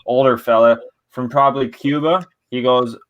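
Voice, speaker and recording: A man's voice: medium pitch, fairly even intonation, normal speed, muffled recording. A man from Canada hosting a podcast, chatting casually with lots of swearing and laughter. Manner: laid-back, profane, laughs often. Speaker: podcast host. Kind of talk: casual chat.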